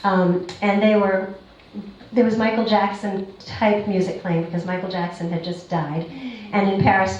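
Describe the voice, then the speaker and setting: A woman's voice: mid-range voice, far from the mic. Chatty woman in a dull echoey barn. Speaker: storyteller. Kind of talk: personal story told to a live audience.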